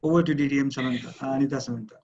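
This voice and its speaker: A man's voice: mid-range voice, fairly even intonation, very fast, darkish tone, dull audio. A man acting as general evaluator at a club meeting, formally and politely introducing speakers over a video call.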